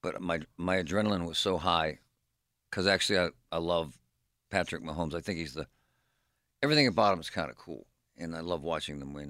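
Forceful deep-voiced man ranting on radio. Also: brisk, dry recording, clean studio sound. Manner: animated, ranting storyteller. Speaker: radio co-host. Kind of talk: radio talk show chat. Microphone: studio microphone.

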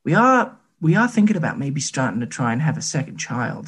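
Husky-voiced man in his late twenties. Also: mid-range voice, sing-song, brisk, fairly bright tone. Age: late 20s. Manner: rambling anecdotal storyteller, self-deprecating. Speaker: podcast co-host. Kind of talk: casual chat.

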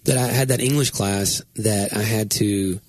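Rambling husky middle-aged man chatting. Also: unhurried, no echo. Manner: rambling, self-correcting, excitable pitch jumps. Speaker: pastor and podcast co-host. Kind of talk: casual chat.

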